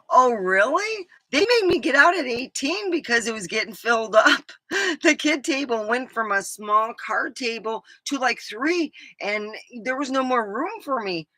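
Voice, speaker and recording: A woman's voice: a little high, big pitch swings, a little slow, bright, forceful tone, dry recording. A woman from California with an English-tinged accent, telling rambling stories with laughs and lots of ums. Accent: English-tinged American. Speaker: vlogger. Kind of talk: casual storytelling.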